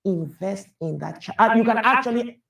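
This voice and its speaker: A man's voice: high-pitched, expressive, moderate pace, creaky, fairly bright tone. A man giving an emphatic public talk, repeating phrases as he builds his point. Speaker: speaker on wealth and taxes. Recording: echoey room from a distance.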